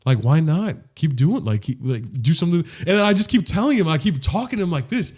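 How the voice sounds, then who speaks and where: His voice sits fairly high with a darkish tone, expressive and a little fast. He's a podcast co-host relating a long story in a rambling, profane style, heavy on "like" and restarts.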